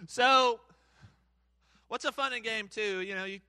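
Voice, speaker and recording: A man's voice: very high-pitched, pushed and bright, clear, resonant tone, no echo. A man hosting a live church game for kids and a crowd, playful and hyped, cheering countdowns and teasing the players. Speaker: children's church game host. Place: church hall.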